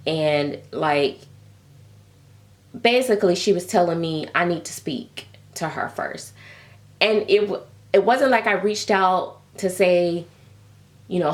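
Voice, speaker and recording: A woman vlogger in a casual, chatty rant, telling stories with laughs and calling listeners baby. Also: on the low side. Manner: animated storytelling with frequent laughs and pet names like baby. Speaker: reborn doll vlogger.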